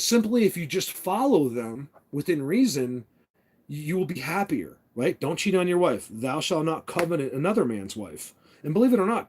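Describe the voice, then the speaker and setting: A man's voice: medium pitch, darkish tone, breathy edge. A man rambling through a casual story, blunt and opinionated, with many restarts. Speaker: vlogger.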